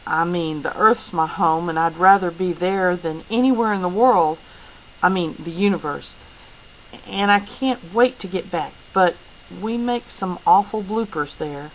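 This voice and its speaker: An earnest, honest teenage boy speaks frankly, stumbling and correcting himself now and then, as a woman reading a storybook does his lines. The voice stays fairly low and slow. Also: highs cut off, a little hiss or hum, lightly acted. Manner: earnest and slightly halting.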